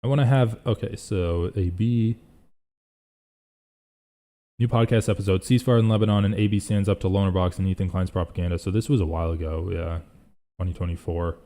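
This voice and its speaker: A man's voice: sits low, steady tone, fairly quick, dark tone. A young man hosting a casual live reaction stream, rambling and thinking aloud as he reads chat.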